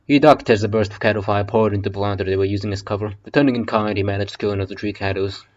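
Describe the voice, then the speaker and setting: A man's voice: on the low side, fairly even intonation, very fast, muffled recording. A man reading an audiobook casually in a basement, breaking off for swearing, joking asides. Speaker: audiobook reader.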